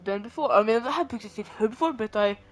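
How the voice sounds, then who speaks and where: A woman giving casual commentary on her own gameplay, reacting out loud, pleading with and taunting the enemy, and swearing now and then. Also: fairly high pitch, fast. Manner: reactive, pleading and groaning at the game. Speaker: gamer streaming a playthrough.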